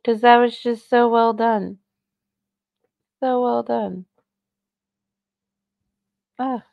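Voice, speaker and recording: Woman streamer, kinda high voice, sarcastic and blunt, super dry close mic. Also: fairly even intonation, drawn-out words, creaky, dry recording, phone-quality sound. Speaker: streamer reacting to clips. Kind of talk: casual commentary.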